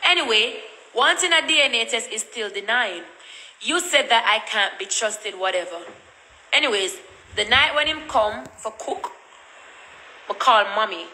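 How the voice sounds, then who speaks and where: A woman's voice: medium pitch, sharp tone, reverberant, slight background noise, rough recording. A woman with a Jamaican accent telling a story in a blunt, repetitive, cussing rant. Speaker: vlogger.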